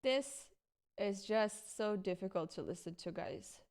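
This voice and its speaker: A woman's voice: medium pitch, a little slow, heavy background noise. A woman streaming, chatting casually with her viewers as she watches a travel video, laughing often. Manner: relaxed, laughing, talking to chat.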